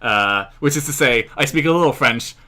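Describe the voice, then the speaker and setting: A man's voice: mid-range voice, expressive, normal speed, bright, forceful tone. An American man hosting a casual live-stream Q&A, rambling with many fillers and frequent chuckles. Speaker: history channel host.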